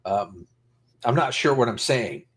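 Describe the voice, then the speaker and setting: A man's voice: medium pitch, lively intonation, a little slow. A man in his fifties from Rhode Island, hosting a casual livestream chat in a rambling, self-deprecating way that often trails off. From Rhode Island, USA. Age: 50s. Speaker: livestream host.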